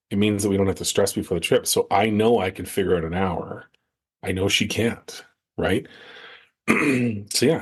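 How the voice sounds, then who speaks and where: A middle-aged man with a husky, breathy edge to his voice, talking in a low register. He chats casually as a podcast co-host and tells stories with self-deprecating humor. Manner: chatty storyteller, self-deprecating. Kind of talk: casual chat.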